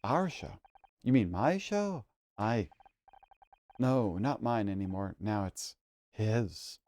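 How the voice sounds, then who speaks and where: A man's voice: lowish voice, animated, takes it slowly, a little mellow. A man doing a drunken washed-up TV star. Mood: bitter. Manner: slurred, rambling, self-pitying.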